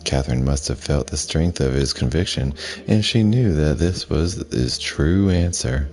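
Very deep-voiced man reading a game aloud. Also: a little slow. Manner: reads the subtitles aloud flatly, with asides. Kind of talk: casual live-stream narration of a game.

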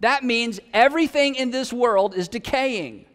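A man's voice: very high-pitched, unhurried, fairly bright tone, in a large hall. A man preaching a sermon in a conversational, humorous way, with emphatic peaks. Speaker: pastor.

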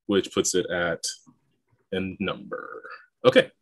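A man with a fairly low voice narrates a tabletop battle as game master. He talks the rules through as he goes and chuckles often. His voice sounds dry and close, with no room echo. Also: level tone, takes it slowly. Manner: explains rules while thinking aloud, chuckles often.

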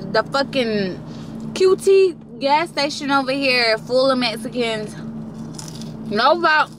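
A young woman vlogging casually from her car and then a big store, chatty and profane as she vents. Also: high-pitched. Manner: chatty and profane, venting frustration. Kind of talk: casual vlog chat. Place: car, then a large home decor store. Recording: noisy phone recording with traffic and store sounds.

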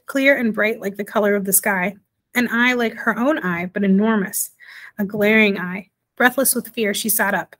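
A woman reading a chapter of a children's novel aloud in a steady, gently expressive storytelling voice. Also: medium pitch. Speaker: audiobook reader.

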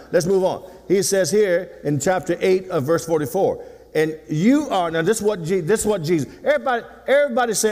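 A man's voice: sits high, darkish tone. Older preacher guy in his 60s, teasing and folksy, voice swings all over, long church echo. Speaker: pastor. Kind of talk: sermon. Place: church sanctuary. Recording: long hall reverb.

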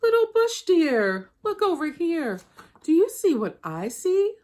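A woman's voice: extremely high pitch, very animated, slow pace, voice pushed up, heavily acted. Woman doing a pushy, angry spider trickster. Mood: sly. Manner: insistent, rising to shouting. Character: lazy scheming male spider trickster, quick-tempered.

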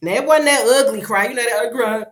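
A middle-aged woman chatting on a casual livestream, loud and playful, breaking into laughter and talking straight to her viewers while she does her hair at home. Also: a little high, quick pace. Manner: slangy and animated, talks straight to viewers. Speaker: vlogger doing a livestream.

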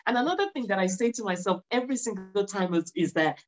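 A woman's voice: medium pitch, lively intonation, fast talker, darkish tone, lo-fi sound. Earnest, encouraging woman guest. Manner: earnest, encouraging, repeats for emphasis. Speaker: podcast guest, mindset stylist. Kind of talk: conversational interview.

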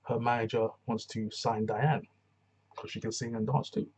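Husky-voiced man recapping a TV episode. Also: fairly low pitch, little pitch movement, moderate pace, a little mellow, poor audio. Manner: rambling, slangy, with frequent fillers and restarts. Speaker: TV reviewer. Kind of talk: casual episode recap vlog.

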